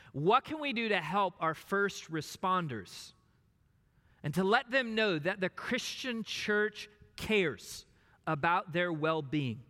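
A pastor preaching a sermon emphatically, dropping at times to a hushed voice. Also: male voice, high-pitched. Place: church sanctuary. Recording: long reverb of a large hall.

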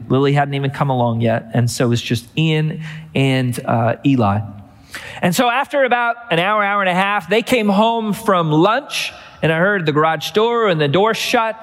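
A man's voice: on the high side, long reverb tail. A middle-aged man preaching a sermon as pastor, telling a family story and building to emphatic repeated refrains.

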